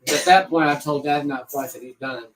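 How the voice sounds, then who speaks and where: A man's voice: a little high, brisk, distant mic, poor audio. A man on a casual podcast, telling a rambling, profane story and acting out what people said. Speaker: podcast co-host.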